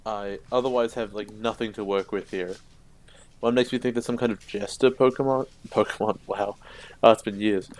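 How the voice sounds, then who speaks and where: A man's voice: on the low side, fairly even intonation, moderate pace, darkish tone. A man co-hosting a fan podcast in casual chat, making short dry remarks. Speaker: podcast co-host.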